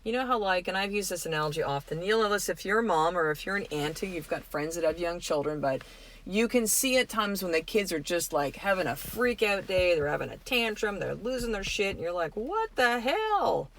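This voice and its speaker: A middle-aged woman hosting a podcast, giving a gentle, earnest, reflective spiritual self-help talk. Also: lowish voice, a little fast, slight background noise. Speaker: podcast host.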